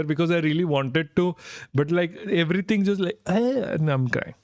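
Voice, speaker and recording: A young man from India hosts a live stream, reading headlines aloud and tearing into them with sarcasm and frequent swearing. His voice sits a little high for a man. The recording is dry and close, with no room sound. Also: fairly quick, dry recording. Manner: sarcastic, swearing, laughing in disbelief. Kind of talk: live-stream commentary reacting to news.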